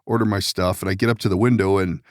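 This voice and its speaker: A man hosting a podcast, telling rambling stories in casual chat, laughing often and swearing, with sudden hushed and excited turns. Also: low-pitched, fast talker, no room sound, clean studio sound. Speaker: podcast host.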